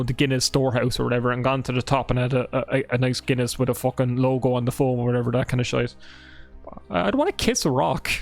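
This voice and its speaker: A man's voice: medium pitch, vocal fry. A man with an Irish accent, chatting casually and swearing a lot while he streams a game, rambling and joking about himself. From Ireland. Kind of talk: casual live gameplay chat.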